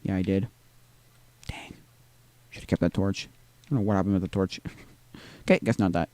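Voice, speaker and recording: A man's voice: low voice, fairly even intonation, normal speed, a little mellow, no room sound. A man streaming a video game live, rambling to himself with tag questions and drifting into exasperated rants. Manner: exasperated ranting. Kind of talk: live gameplay commentary.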